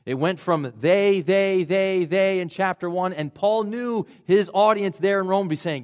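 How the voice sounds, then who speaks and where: A man preaching a sermon in an earnest way, his voice rising for emphasis and then dropping low and quiet. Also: unhurried, hardly any pauses. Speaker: pastor.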